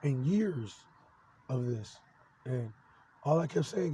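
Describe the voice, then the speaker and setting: A man in his forties rambles through a personal monologue in a mellow, unbright voice. He swears nearly every line and trips over his own restarts, sounding worked up, with a faint hiss of noise behind him. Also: mid-range voice, animated, rough recording. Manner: profane, agitated, halting with many restarts.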